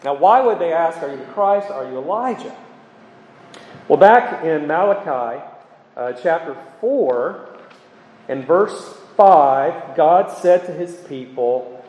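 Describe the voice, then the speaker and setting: A man delivers an expository sermon in an earnest, emphatic way, his voice a little higher than most. He pauses now and then with ums. The sound rings with a long reverb, as if picked up in a large hall. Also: lively intonation, darkish tone, lo-fi sound. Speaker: preacher.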